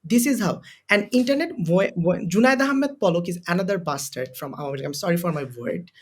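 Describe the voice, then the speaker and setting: A man's voice: high-pitched, expressive, brisk, husky. A young man with a Bangladeshi accent and Bengali as his first language talks as a guest on a podcast interview. He is a university student and speaks with raw emotion. He stresses his points by saying them again and again. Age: young adult. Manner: impassioned, emotional, repeats phrases for emphasis.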